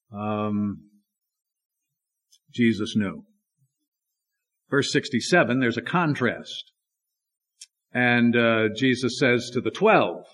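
Emphatic male preacher asking questions. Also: medium pitch. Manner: emphatic, asks the congregation rhetorical questions. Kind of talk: sermon.

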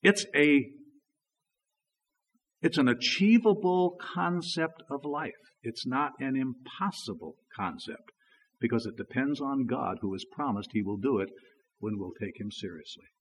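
A man preaching a sermon in a relaxed, conversational way, telling stories with frequent "you know" asides. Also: medium pitch, unhurried, big-room sound, slight background noise. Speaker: pastor.

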